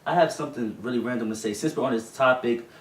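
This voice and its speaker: A young man co-hosting a casual talk show, wandering through his stories and quick to laugh. His voice sounds roomy and distant, as if he is sitting well back from the mic. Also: medium pitch. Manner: laughs easily, rambling storytelling. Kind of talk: casual chat. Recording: roomy echo, mic far off.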